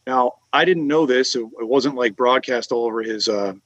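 A man from Massachusetts telling fishing stories in a relaxed podcast chat. He rambles through his anecdotes with plenty of fillers, restarts and asides. His voice sits at a middle pitch, recorded close and dry. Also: moderate pace, no echo. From Massachusetts, USA. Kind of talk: casual conversational storytelling.

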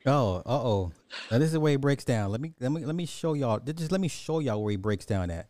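A man's voice: mid-range voice, a little fast, no echo. A man hosting a reaction video, talking casually with jokes and bursts of laughter. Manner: animated, joking, breaks into laughter.

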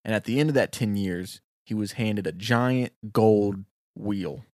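A man's voice: lowish voice, unhurried, no echo, clean studio sound. A man brainstorming a short film, telling a long folk tale with animation. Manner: animated storyteller. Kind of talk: casual brainstorming chat.

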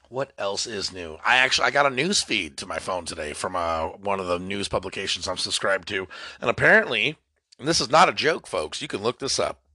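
A young man hosting a comedy podcast, rambling through a solo monologue that swings from mock-dramatic outbursts to low mutters. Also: lively intonation, a little fast, bright, forceful tone, no echo, studio quality. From California. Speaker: podcast host.

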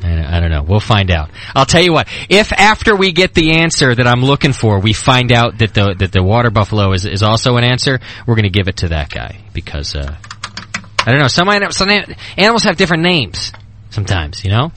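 Animated, bright-voiced male radio host. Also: medium pitch, a little fast. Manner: laughs often, animated and joking. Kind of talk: casual radio banter.

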